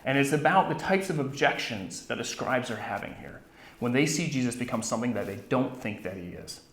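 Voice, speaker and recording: A man's voice: mid-range voice, expressive, brisk, fairly bright tone. A man in his thirties, a Bible professor, giving a conversational teaching talk at a conference, often restarting words and checking in with "right?". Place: conference room. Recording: roomy hall echo.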